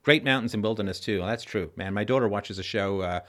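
A man with a somewhat low, expressive, trained voice hosts a live-stream Q&A. He reads viewer comments and answers them conversationally, often stopping to restart his sentences. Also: quick pace. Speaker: host.

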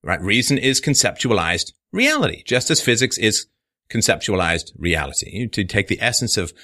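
A man's voice: on the low side, very animated, normal speed, sharp tone. A male host giving a sarcastic solo commentary, mocking his critics and often laughing mid-sentence. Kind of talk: monologue commentary responding to a viewer comment.

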